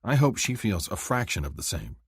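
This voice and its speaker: A man reads a fantasy romance in first person with a low voice and a husky grain. His delivery moves a lot in pitch, climbing high when he speaks for the heroine. The sound is dry and close to the mic. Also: big pitch swings, brisk, dry recording. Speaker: audiobook narrator.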